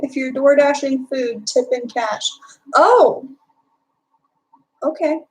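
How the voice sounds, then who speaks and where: Chatty high-voiced young woman streamer. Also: slow pace, darkish tone, poor audio. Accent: Texan. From Texas. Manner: chatty, reads and answers chat, filler-heavy. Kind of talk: casual live-stream chat.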